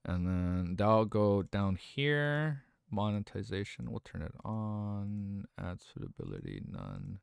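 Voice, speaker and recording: A man's voice: lowish voice, big pitch swings, slow, creaky, clean tone, dry recording, clean studio sound. A young adult man live-streaming, chatting casually, rambling and swearing as he reads chat aloud.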